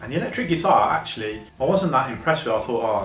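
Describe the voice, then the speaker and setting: A man's voice: mid-range voice, animated, quick pace, fairly bright tone. A man co-hosting an album review, chatting casually and enthusiastically, laughing between remarks. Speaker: podcast co-host reviewing albums. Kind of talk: casual chat. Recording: distant, roomy sound with faint music.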